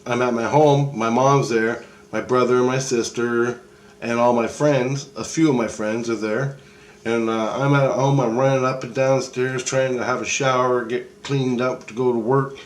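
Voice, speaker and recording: A man's voice: medium pitch, little pitch movement, moderate pace. A middle-aged man recounts a dream. His talk wanders, swears freely and keeps doubling back on itself. The telling stays casual and unpolished. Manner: loose, rambling and profane, with many restarts. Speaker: vlogger. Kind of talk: rambling dream retelling.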